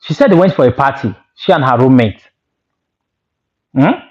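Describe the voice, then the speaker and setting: A man vlogger telling a story in an animated, exclaiming way and moralizing to his viewers. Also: medium pitch, moderate pace, dull audio. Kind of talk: storytelling monologue.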